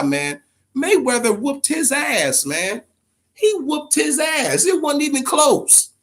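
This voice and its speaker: A man with an extremely high-pitched voice hosts a boxing channel in a casual live stream. He's animated and profane, ending nearly every phrase with "man."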